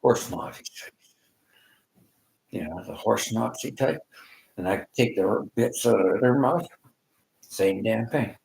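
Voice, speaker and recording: An older man from Canada telling rambling personal stories, animated, acting out the people he quotes. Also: lowish voice, slow pace, vocal fry, pauses often, reverberant, poor audio. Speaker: vlogger.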